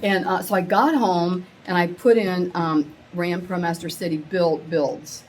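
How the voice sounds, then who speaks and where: A middle-aged woman telling a rambling, excitable story to a small live group, acting out the quotes with big jumps in her voice. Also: fairly low pitch, a little slow, slight background noise, poor audio. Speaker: meetup attendee sharing a story. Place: women's meetup gathering, audience laughing.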